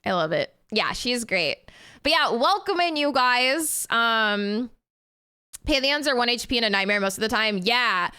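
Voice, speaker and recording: A woman's voice: fairly high pitch, expressive, unhurried, sharp tone, clear, resonant tone. A woman game streamer chatting casually with viewers, giggly and rambling. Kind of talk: casual live-stream chat.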